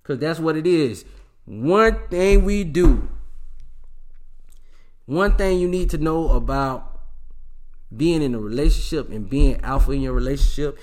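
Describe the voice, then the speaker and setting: A man's voice: medium pitch, expressive, normal speed, darkish tone. A man talking in a casual monologue, giving blunt, slangy relationship advice with emphatic delivery. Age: adult with a child.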